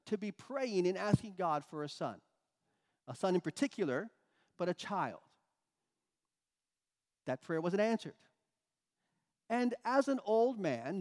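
A man with a notably high voice preaching a sermon. He explains scripture with emphasis, stopping to restart his phrases. A long hall reverb trails behind his words. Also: darkish tone.

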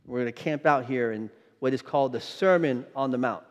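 A male pastor's sermon comes through long hall reverb in a church sanctuary. His pitch is medium and his pace a little fast. He preaches emphatically, testing the congregation with rhetorical questions.

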